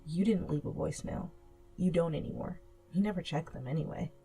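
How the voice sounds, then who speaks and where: Woman reading a fanfic story, low dark gravelly voice, soft and slow. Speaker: narrator. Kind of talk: second-person fanfic narration. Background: soft music.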